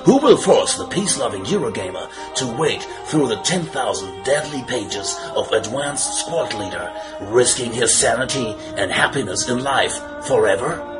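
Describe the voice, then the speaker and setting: A man giving mock-epic trailer narration, slow and grave with a dramatic build-up. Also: medium pitch, animated. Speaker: show announcer. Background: music.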